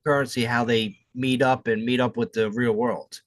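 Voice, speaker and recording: A man's voice: medium pitch, level tone, brisk, dry recording. A man co-hosting a podcast, trading crude jokes with a lot of swearing and laughter. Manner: profane, laughing, joking. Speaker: podcast co-host. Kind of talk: crude casual banter.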